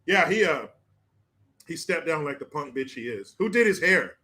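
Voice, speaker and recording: A man's voice: a little high, sing-song, fairly quick, bright, forceful tone. A man hosting a casual livestream, talking in brash, profane, joking banter. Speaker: host.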